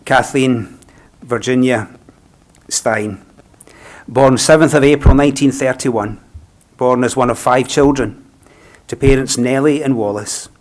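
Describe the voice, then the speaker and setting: This eulogy comes from a male funeral celebrant with a Scottish accent, his medium-pitched voice gentle and reflective. He takes his time, speaking without any rush.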